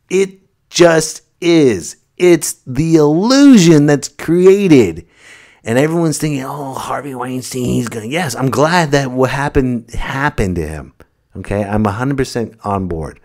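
A man hosting a comedy podcast, rambling through a monologue that keeps interrupting and correcting itself. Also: mid-range voice. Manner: rambling, self-interrupting, jumps between loud and muttered. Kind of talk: comic monologue.

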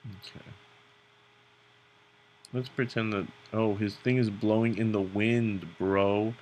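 A man's voice: on the low side, fairly even intonation, slow, darkish tone, slight background noise. A young man hosting a drawing tutorial, chatting loosely as he sketches and cracking self-mocking jokes. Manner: rambling, joking, self-mocking. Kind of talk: casual narration while drawing.

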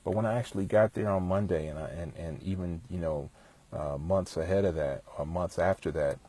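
A man talking outdoors in a relaxed, rambling way, passing on music industry advice full of fillers. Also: sits low, a little fast, slightly rough. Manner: laid-back, rambling, many fillers. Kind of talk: casual storytelling monologue. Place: outdoors, with bees around.

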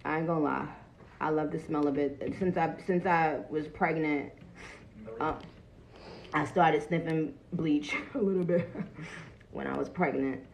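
A woman's voice: low-pitched, fairly even intonation, a little slow, gravelly, long pauses, a little mellow, slight background noise, poor audio. A woman chatting bluntly and profanely on a phone livestream, greeting viewers as she talks. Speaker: livestream host. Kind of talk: casual livestream chat. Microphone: phone camera.

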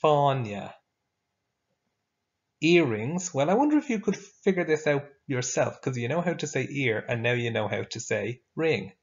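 A man's voice: mid-range voice, very animated, moderate pace, hardly any pauses. A man teaching a vocabulary lesson, patiently repeating each word for pupils to echo. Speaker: language teacher. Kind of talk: classroom vocabulary drill. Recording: dull lo-fi recording.

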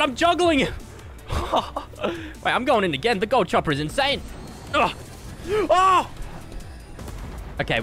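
Young guy, gameplay commentary, lively bouncing pitch, bright tone, faint music behind. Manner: excitable and jokey, with sudden yelps. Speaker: gaming YouTuber.

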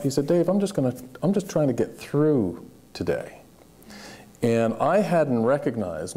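A man's voice: fairly low pitch, dark tone. A man on a discussion panel, telling stories about his years as a White House communications aide. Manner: storytelling, with restarts. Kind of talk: anecdotal panel talk. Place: lecture hall panel.

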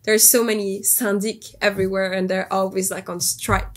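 A woman's voice: mid-range voice, level tone, normal speed. A young woman with a French accent, a native French speaker, chatting casually to camera as a YouTuber, laughing often and sometimes exasperated, recorded on a phone's small mic. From France. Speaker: YouTuber testing a language app.

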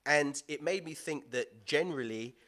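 A man delivers a sermon, his tone bright and ringing. He slips into playful slang and quick asides. His voice sits a little high for a man. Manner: lively, playful preaching with London slang and asides. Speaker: pastor.

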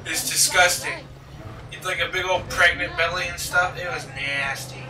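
A man's voice: high voice, fairly even intonation, moderate pace. A young man hosting a let's play, rambling and joking with lots of swearing over his gameplay. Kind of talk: casual gaming commentary. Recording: roomy distant mic, game music behind.

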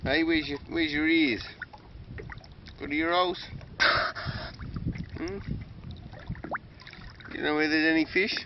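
A man's voice: a little high, steady tone, takes it slowly, long pauses. An Australian man on a boat on the water, coaxing a dolphin with sing-song calls and chuckles. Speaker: vlogger feeding a dolphin. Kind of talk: casual talk to an animal. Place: outdoors on a small boat on the water. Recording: dull lo-fi outdoor recording with boat and water noise.

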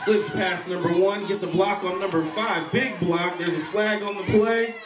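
A man's voice: high-pitched, moderate pace. Man calling youth football plays. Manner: calm, steady play calling. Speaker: play-by-play commentator. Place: outdoor football field. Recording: echoey, distant, with loud crowd and noise. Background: crowd and field noise.

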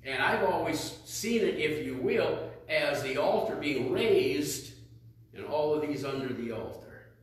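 A man's voice: fairly high pitch, animated, unhurried. A male pastor preaching a sermon in a conversational style, questioning the congregation and reading scripture aloud. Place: church sanctuary. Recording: echoey church hall, mic at a distance.

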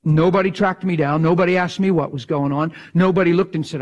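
A male pastor preaching an impassioned sermon in a folksy way, dropping from loud cries to hushed whispers. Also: on the high side, fairly even intonation, fairly quick, few pauses. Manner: folksy, drops into slang like "ain't".

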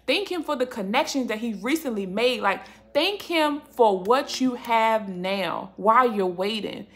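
A woman's voice: a little high, lively intonation, unhurried. Passionate woman preaching and praying. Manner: passionate, emphatic, repeats "right?". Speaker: Christian faith YouTuber. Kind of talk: passionate devotional teaching and prayer.

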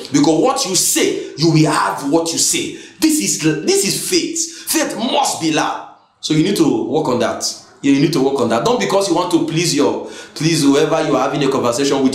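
A man with a Nigerian English accent preaching a sermon, emphatic and repetitive, bursting into shouts. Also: on the high side, reverberant.

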